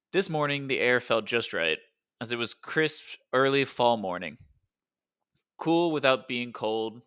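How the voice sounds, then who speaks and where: A man narrating an adventure audiobook in a steady storytelling manner. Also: mid-range voice, clean tone. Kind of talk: scripted narration.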